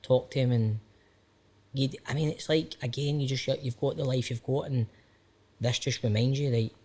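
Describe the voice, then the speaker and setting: A man's voice: mid-range voice, fairly even intonation, moderate pace, darkish tone. A Scottish man in his thirties, an actor talking openly on a podcast, rambling and self-questioning, peppered with "aye" and "man". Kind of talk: candid casual conversation.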